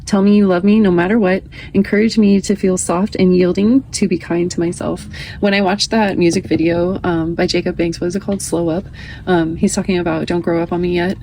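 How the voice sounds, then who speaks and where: A woman's voice: fairly low pitch, steady tone, brisk, dark tone, a little hiss or hum, low-quality recording. Chatty woman giving a tarot reading. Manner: chatty, reads card text aloud, laughs often. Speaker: tarot card reader.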